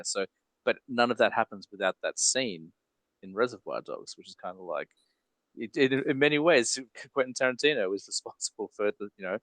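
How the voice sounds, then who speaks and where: Man, podcast host, low voice, dry sound, rambling casual chat. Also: fairly bright tone, no room sound. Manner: rambling, filler-heavy, laughs often.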